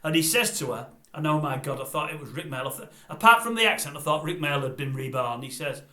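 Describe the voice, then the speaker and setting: A man's voice: fairly high pitch, lively intonation, fast, bright, forceful tone, echoey room. An older man who vlogs a blunt, grumbling, repetitive ranting review. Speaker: vlogger.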